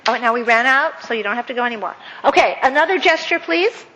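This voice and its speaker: A woman's voice: on the high side, animated, quick pace, dull audio, noisy background. Woman leading a workshop in an echoey hall. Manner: leads audience counting and clapping, warm praise, many fillers. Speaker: guest speaker. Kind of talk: interactive workshop talk. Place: event hall with audience. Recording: echoey hall with faint ambience.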